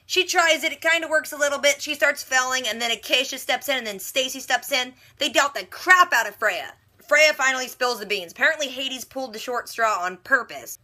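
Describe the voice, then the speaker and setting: A young woman talks through an episode recap in a casual, chatty way, slipping into quick quoted asides for each character. Her voice sits a little high and sounds bright and sharp. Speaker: reaction video host.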